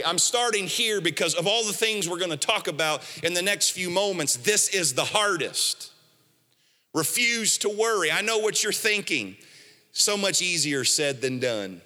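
A man's voice: high-pitched, bright, forceful tone. A man preaching a sermon as pastor, emphatic and storytelling, repeating his key phrases. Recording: echoey hall.

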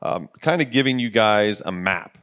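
A man's voice: lowish voice, expressive, moderate pace, fairly bright tone, clear, resonant tone. A man in his forties talks in a casual, earnest podcast voice from a studio. He speaks like a coach giving a pep talk, with plenty of fillers between his points. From Ohio, USA. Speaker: podcast co-host.

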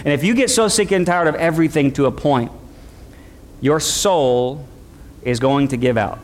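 High-voiced man preaching a sermon. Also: normal speed. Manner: preaching, acts out quoted voices, calls for audience response. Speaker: pastor.

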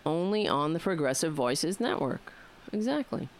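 A woman's voice: deep voice, very animated, moderate pace. A woman with a New York accent hosting a political talk radio show, chatting to listeners in a rambling, wry way.

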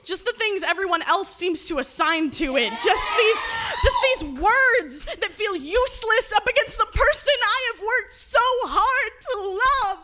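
A woman's voice: very high-pitched, animated, unhurried, few pauses, noisy background. A woman performing a spoken word poem with an impassioned, rhythmic delivery.

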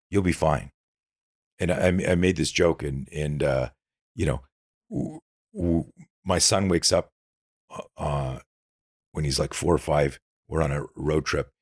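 A man's voice: very deep voice, measured pace, pauses often, husky, no room sound, clean studio sound. A middle-aged man, a self-defense instructor, telling stories intensely as a guest in a casual podcast interview. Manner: intense, animated storyteller with frequent restarts.

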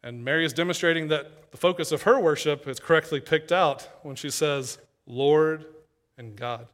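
Man preaching with a higher voice. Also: fairly quick, fairly bright tone. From East Tennessee, USA. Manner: conversational, earnest, with rising emphasis. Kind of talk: sermon.

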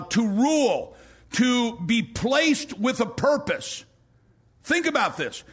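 Male pastor, high voice, animated storytelling sermon, shouts at peaks. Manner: storytelling, acts out quoted voices, rises to shouting.

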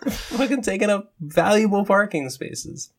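A man's voice: high-pitched, expressive, unhurried. A man co-hosting a podcast in casual chat, rambling with plenty of fillers and swearing. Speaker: podcast co-host.

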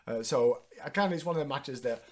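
A man's voice: mid-range voice, a little fast. A man hosting a podcast, recapping in a chatty, sweary way and laughing often. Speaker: podcast host. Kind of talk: casual recap chat.

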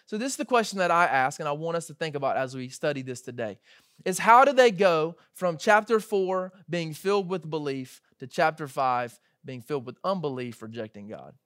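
A man in his thirties preaching a sermon in a conversational, animated way, acting out quoted voices as he tells the story. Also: fairly high pitch, normal speed, no echo, studio quality. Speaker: pastor.

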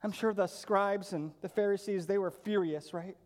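A man's voice: sits high, fairly even intonation, normal speed, darkish tone, in a large hall. A male pastor preaching a sermon, earnest and emphatic, pressing his point with repeated questions.

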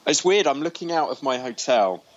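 A man's voice: mid-range voice, expressive, fairly quick, highs cut off. A man co-hosting a podcast from his hotel room, chatty and joking, with lots of ums. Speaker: podcast co-host. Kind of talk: casual chat.

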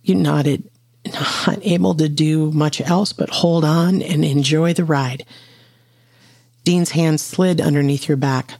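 A storyteller reading an intimate audio story aloud in a slow, steady way. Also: mid-range voice, gravelly, slightly rough, no echo. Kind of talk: scripted narration of an audio story.

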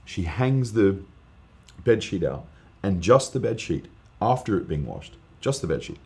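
A man, a guest preacher, telling an earnest, animated testimony story in casual podcast chat, with lots of fillers. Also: on the low side, unhurried.

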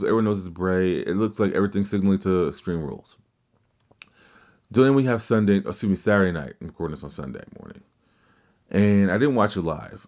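A man's voice: fairly low pitch, a little mellow, dull audio. A man hosting a casual wrestling podcast, rambling through his opinions, swearing freely and restarting sentences. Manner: rambling, profane, with restarts and mimicked quotes. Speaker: podcast host.

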